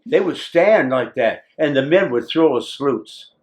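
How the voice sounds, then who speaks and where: An older man, a war veteran, telling his story in an oral history interview with a teasing, lively manner. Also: mid-range voice, unhurried. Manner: lively, acts out scenes, teasing.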